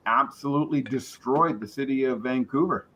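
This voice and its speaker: A man's voice: mid-range voice, moderate pace, crowd noise, low-quality recording. A man giving confident hockey predictions as a guest on a casual sports show, with filler ums.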